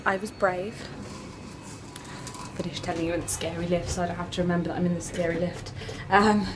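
A woman's voice: on the low side, background noise. A young woman in her twenties, chatting casually to camera in a rambling travel vlog, with lots of fillers. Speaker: vlogger.

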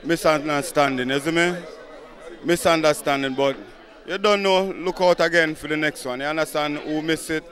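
A man with a Jamaican accent giving apologetic shout-outs in patois at a party. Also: a little high, fairly even intonation, moderate pace, a faint crowd.

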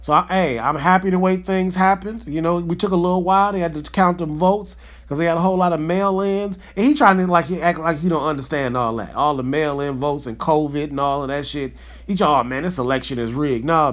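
A man's voice: a little high, fairly even intonation, fairly quick. A man hosting a podcast, ranting in a fired-up, profane, slangy way in a casual monologue. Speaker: podcast host.

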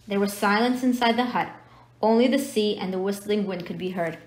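A woman reading a novel aloud, narrating the story in a steady storytelling manner. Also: mid-range voice, brisk. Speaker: reader.

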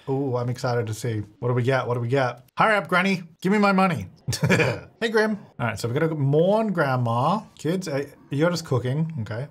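A man's voice: medium pitch, animated, normal speed. A young man giving casual, joking commentary as he plays a life-sim game and talks to its characters. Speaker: gaming YouTuber.

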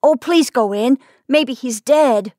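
A woman's voice: slow, dark tone, dry recording, studio quality. A woman voicing a small injured boy who pleads and cries, in a storybook reading. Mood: pleading. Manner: pleading, high and urgent.

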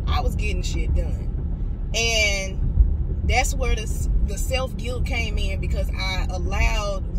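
A woman in her late twenties, a motivational speaker, telling a blunt and profane story in a casual car vlog. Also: mid-range voice. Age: late 20s. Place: inside a car. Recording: loud car noise behind. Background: car noise.

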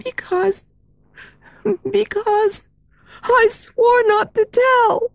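A woman reading aloud and voicing a frightened, secretive young ballet girl in a high, hushed voice. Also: measured pace, creaky, no echo, full character voice. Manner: hushed, urgent, fearful.

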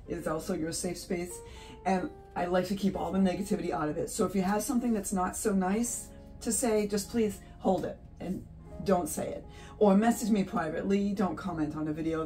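A woman's voice: mid-range voice, warm tone, recorded from a distance. A chatty, giddy woman talks casually as she paints in her home studio, laughing easily between thoughts. She sits a little back from the mic, and faint guitar music plays underneath her voice. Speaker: art channel host. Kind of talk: casual chat while painting.

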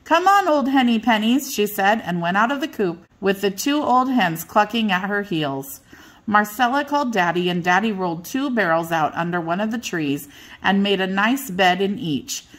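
An older woman reads a children's bedtime story, her voice gentle and unhurried. She sits at a middling pitch, steady and clear for young listeners.

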